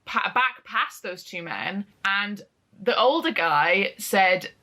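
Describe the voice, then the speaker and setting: Bright-voiced chatty young woman. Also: medium pitch, expressive, takes it slowly. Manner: chatty, fills with "like", swears casually. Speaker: vlogger. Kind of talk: casual storytelling to camera.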